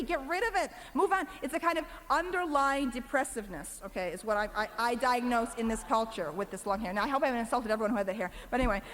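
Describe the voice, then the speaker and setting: A woman in her forties giving a public lecture in a large hall, talking rapidly and combatively with many fillers and asides. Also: on the high side. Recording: reverberant hall from a distance.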